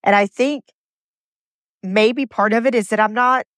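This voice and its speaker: A woman's voice: a little high, steady tone, a little slow, a bit bright, dry recording. Earnest woman, dry close mic. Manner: emotional, earnest, stumbles and repeats words. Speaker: podcast host. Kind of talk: heartfelt solo podcast monologue.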